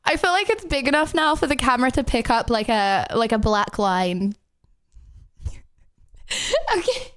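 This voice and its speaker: A woman's voice: a little high, a little slow, pauses often, clean tone. A young woman streamer chatting casually and giggling with her viewers while recovering from an illness, with many fillers. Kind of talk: casual live-stream chat.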